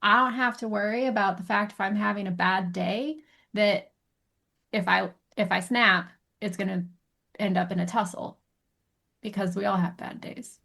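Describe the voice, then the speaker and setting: A woman of middle pitch chats casually on a pet podcast, building her points through playful analogies. She tells them like little stories, quoting back and forth. Her voice sits in an everyday, comfortable register. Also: steady tone, moderate pace, vocal fry, a bit bright. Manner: storytelling, uses analogies. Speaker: podcast co-host, dog trainer.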